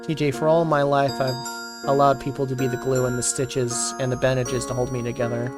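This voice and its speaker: A man's voice: mid-range voice, level tone, a little fast, over music, close to an everyday voice. A man reading as a shy, troubled teen girl. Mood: somber. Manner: quiet, subdued reading. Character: shy, troubled teenage girl, soft-spoken.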